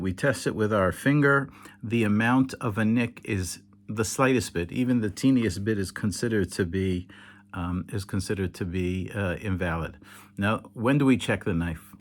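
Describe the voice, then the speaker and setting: Man, lowish voice, tired, patient teacher, lots of ums and self-corrections. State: tired, yawning. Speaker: teacher demonstrating kosher slaughter. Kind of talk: tired late-night instructional video. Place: home indoors in Israel, at night.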